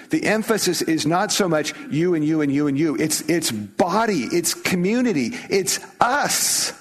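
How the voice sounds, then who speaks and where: A man's voice: a little high, expressive, measured pace, hardly any pauses. A middle-aged man from the United States preaching a sermon in a conversational, emphatic way, often restarting his phrases. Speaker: pastor.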